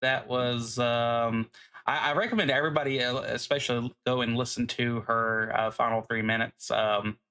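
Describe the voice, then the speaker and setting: Bright-voiced man chatting on a podcast. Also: medium pitch, steady tone, normal speed, clear, resonant tone. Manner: meandering, filler-heavy. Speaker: podcast co-host. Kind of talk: casual podcast chat.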